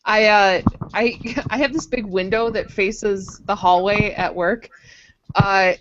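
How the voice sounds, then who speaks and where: A woman's voice: medium pitch, fairly even intonation, slow pace, noisy background. A young woman telling a story in casual chat, giggly and chatty. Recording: muffled lo-fi recording.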